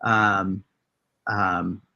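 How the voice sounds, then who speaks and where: A man's voice: sits low, little pitch movement, drawn-out words, vocal fry, sharp tone, lo-fi sound. A man narrating a tabletop game as game master, hesitant and full of filler words.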